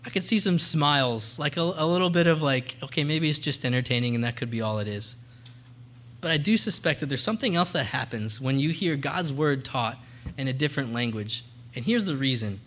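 A man's voice: mid-range voice, a bit bright, a little hiss or hum. A young man speaking as a missionary guest to a church congregation, earnest and conversational, into a microphone. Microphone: handheld or stand mic.

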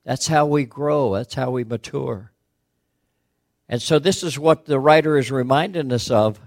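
A man's voice: medium pitch, unhurried, dry recording, clean studio sound. A middle-aged man preaching a sermon as a pastor, questioning his listeners earnestly and building to emphatic peaks.

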